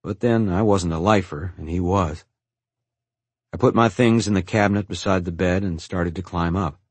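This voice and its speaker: A man with a very low, husky voice reads a first-person story in a calm, reflective way. The recording is dry and close, with no room around it. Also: moderate pace, dry recording. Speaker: narrator. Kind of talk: first-person audiobook narration.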